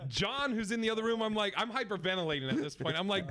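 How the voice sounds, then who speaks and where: Animated storytelling man, slightly high voice. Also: fast, crowd noise. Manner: animated storyteller, acts out shouting and quoted voices, laughs while telling. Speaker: comedy podcast host. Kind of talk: storytelling on a live comedy podcast. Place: festival stage with live audience.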